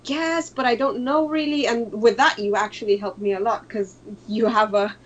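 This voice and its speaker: A woman's voice: a little high, fairly even intonation, normal speed. Hesitant woman on a dull lo-fi line. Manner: hesitant, self-doubting, trailing off. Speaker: podcast guest. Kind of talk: casual conversation. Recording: dull lo-fi sound.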